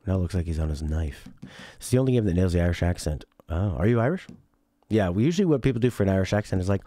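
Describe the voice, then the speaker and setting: A man's voice: deep voice, lively intonation, fast talker, dry recording, studio quality. A man giving casual, chatty commentary while streaming a video game, thinking aloud and often trailing off. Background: loud game music.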